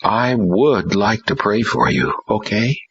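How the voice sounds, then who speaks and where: A man doing a gentle, earnest preacher. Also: on the low side, very animated, slow pace, husky, highs cut off, voice pushed up, heavily acted.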